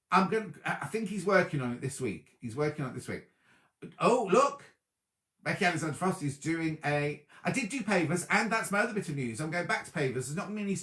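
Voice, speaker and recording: A man's voice: a little high, reverberant. A man hosting a sewing livestream from home, chatting casually and reading out viewer comments. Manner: chatty, lively, reacts to live comments. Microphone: laptop or tablet on a video stream.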